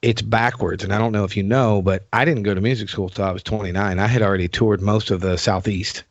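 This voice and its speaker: Profane rambling podcast host, low voice. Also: male voice, steady tone, quick pace. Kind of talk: casual podcast chat. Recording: dull dry lo-fi sound.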